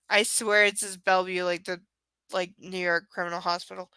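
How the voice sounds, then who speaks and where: A tired young woman with a stuffy nose chats casually on her live book stream. Her voice is bright and crisp, with a slightly higher pitch, and the sound is dry and close. She rambles in an affectionate, self-deprecating way. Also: flat delivery, normal speed, no room sound, low-quality recording. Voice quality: stuffy nasal voice. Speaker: livestream host reading a book aloud.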